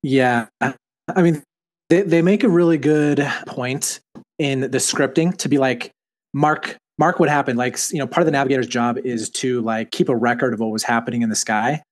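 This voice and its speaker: A man's voice: medium pitch, moderate pace. Utah guy cohosting a tv recap podcast, casual, trips over his words a lot. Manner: rambling, fillers and restarts. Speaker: podcast co-host.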